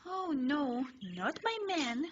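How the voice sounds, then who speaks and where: A cheeky, excitable teenage schoolgirl with high, squealing outbursts, as a woman puts her on. Her voice jumps up bright and high, and the recording is slightly muffled with a faint hiss. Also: takes it slowly, heavily acted.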